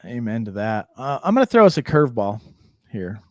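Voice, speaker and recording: A man's voice: medium pitch, big pitch swings, a little fast, dry recording. A man hosts a casual talk show in a plain, earnest way. His voice sounds dry and close, with no room around it. He speaks in everyday, informal grammar. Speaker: host.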